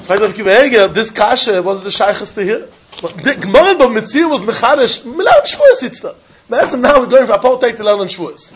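High-voiced man giving a Talmud class. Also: quick pace, highs cut off, slight background noise. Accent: Yiddish-inflected English. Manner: animated sing-song learning cadence, mixing Yiddish and Hebrew. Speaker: Talmud teacher. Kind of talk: Talmud lecture.

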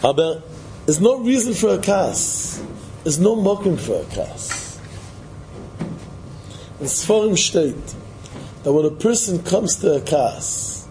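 Male Torah lecturer, lively sing-song preaching, slightly high voice over faint room noise. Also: rough recording. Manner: animated, repetitive, sing-song emphasis, mixes Hebrew and Yiddish terms. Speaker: Torah teacher. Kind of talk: Yiddish-inflected Torah lecture.

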